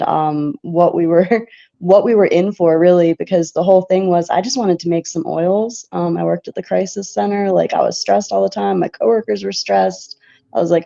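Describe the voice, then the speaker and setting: A woman's voice: lowish voice, vocal fry, mellow, highs cut off. A woman being interviewed on a podcast, talking earnestly while losing her voice. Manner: earnest, heartfelt, frequent laughs and fillers. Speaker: guest, shop owner. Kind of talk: casual interview chat.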